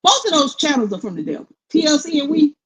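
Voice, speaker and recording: A middle-aged woman co-hosting casual commentary, blunt and opinionated in a steady, even tone. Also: high-pitched, fast talker, rough recording. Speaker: co-host.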